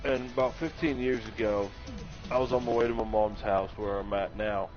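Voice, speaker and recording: A man with a lowish voice, fairly even intonation and a moderate pace joins a live stream chat, joking about his own painful mishaps and laughing through the stories in a self-mocking way. The audio is muffled, lo-fi, with faint music in the background.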